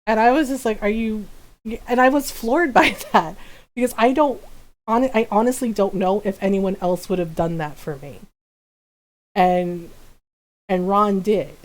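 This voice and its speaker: A woman's voice: medium pitch, expressive, normal speed. A middle-aged woman streamer telling a personal story in casual, rambling chat, laughing often and restarting her sentences. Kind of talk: casual storytelling while gaming.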